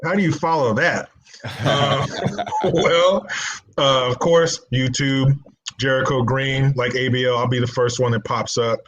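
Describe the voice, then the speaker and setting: Panel guest dude, deadpan blunt jokes, ordinary pitch. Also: male voice, measured pace, crowd noise. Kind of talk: casual panel chat.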